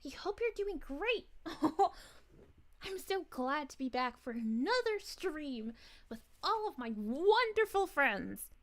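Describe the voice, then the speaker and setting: A woman's voice: sits high, very animated, takes it slowly, fairly bright tone, heavily acted. A woman voicing a bubbly, cheerful young princess, greeting viewers exclamatorily and with giggles. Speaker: VTuber streamer. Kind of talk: in-character livestream chat reading.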